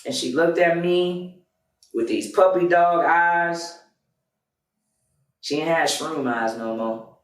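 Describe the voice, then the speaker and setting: A man narrates a painful personal story on his own podcast, loud and emphatic, with frequent swearing. His voice sits a bit high for a man. The mic is set back from him in a roomy, echoing space. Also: slow pace, pauses often, recorded from a distance. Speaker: podcast host. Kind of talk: confessional storytelling monologue.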